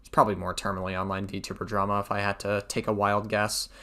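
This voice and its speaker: A man's voice: on the low side, flat delivery, quick pace, pushed and bright. A man hosting casual commentary, reading out messages with wry, swearing asides. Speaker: commentary host.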